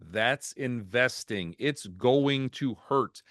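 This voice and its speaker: A man presenting a market outlook over slides in a video webinar, folksy and animated, dropping jokes and anecdotes. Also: medium pitch, takes it slowly, dry recording, clean studio sound. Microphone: video call.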